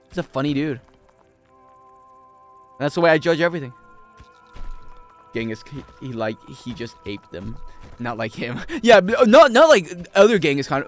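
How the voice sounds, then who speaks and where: A young man streaming a video game, rambling and joking casually with his chat. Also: dry recording. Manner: rambling, joking, animated swings in pitch.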